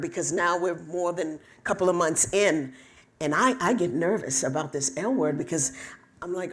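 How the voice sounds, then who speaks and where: Middle-aged woman, stage storyteller, animated and funny, does voices for the people she quotes. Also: mid-range voice. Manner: lively, animated, quotes people in voices, laughs at own jokes. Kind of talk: personal storytelling talk.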